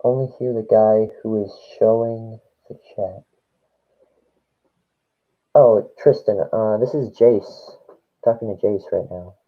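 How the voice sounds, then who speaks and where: A man's voice: lowish voice, steady tone, takes it slowly, pauses often. A man hosting a casual livestream, joking and reading chat aloud over a muffled phone mic. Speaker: stream host. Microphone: phone mic through headset. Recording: tinny, muffled call audio.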